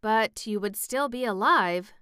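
A woman's voice: on the high side, a little slow, sharp tone, clean tone, no room sound, studio quality. A woman voicing a kindly pumpkin-headed man. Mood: consoling. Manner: consoling, mild.

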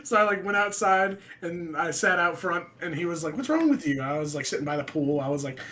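A young man casually telling a ghost story with friends, swearing, laughing and loudly acting out quotes. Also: fairly high pitch, fairly even intonation, fairly quick, background noise. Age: young adult. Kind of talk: casual chat.

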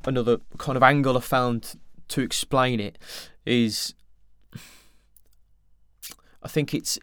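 A young man speaks alone into a close mic, rambling candidly and swearing now and then. His voice is smooth and resonant. The sound is dry, with no room around it. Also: medium pitch, dry recording. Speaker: podcast host. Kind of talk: solo podcast monologue.

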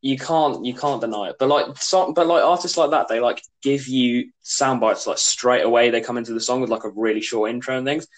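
Young man, podcast guest, hesitant, rambling, mid pitch. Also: fairly quick, hardly any pauses, rough recording. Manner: rambling and hesitant, heavy use of "like". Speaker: podcast guest, skater and drummer. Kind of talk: casual chat.

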